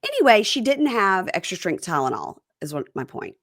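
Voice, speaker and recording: Lively woman host, dry close sound. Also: normal speed, dry recording. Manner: lively, acts out quotes in a higher voice. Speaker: podcast host. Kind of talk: casual reality TV recap chat.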